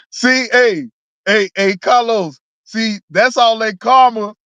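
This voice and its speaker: A reaction channel host in casual commentary, laughing often, teasing chat viewers and repeating words in excited bursts. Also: mid-range voice, smooth, dry recording, lo-fi sound.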